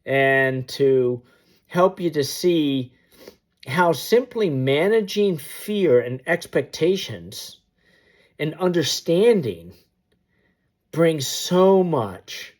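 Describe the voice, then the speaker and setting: A man's voice: a little high, expressive, very slow. A man telling a personal story to the camera in a vivid, sound-effect-filled storytelling manner, aiming to inspire. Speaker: motivational storyteller. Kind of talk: personal anecdote told to camera.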